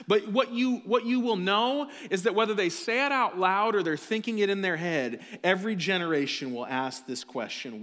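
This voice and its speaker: A man preaching a sermon as a pastor, building intensity with emphatic slow repetition. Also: high-pitched, animated, fairly bright tone, in a large hall. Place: church sanctuary.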